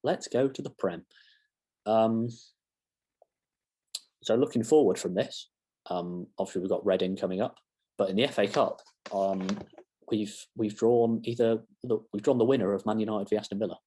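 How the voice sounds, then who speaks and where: Brief: deep, husky young male fan vlogger, chatty and self-deprecating, meanders off topic. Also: moderate pace, long pauses, warm tone. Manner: rambling, self-mocking asides. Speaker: fan channel presenter. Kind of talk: casual football match reaction.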